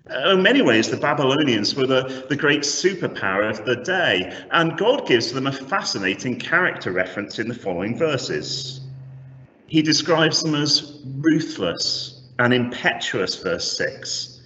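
A man preaching a sermon with animated, rhetorical emphasis, heard from a distance in a church. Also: mid-range voice, measured pace. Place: church hall. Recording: echoey hall from a distance, slightly dull.

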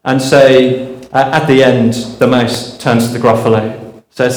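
A man's voice: mid-range voice, flat delivery, measured pace, echoey room, rough recording. A man preaching a sermon, earnest and storytelling, asking rhetorical questions.

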